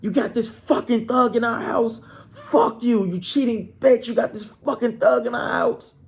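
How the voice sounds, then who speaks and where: A man voicing a betrayed husband and father who curses and shouts accusations. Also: high-pitched, a little slow, creaky, breathy edge, full character voice. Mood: furious.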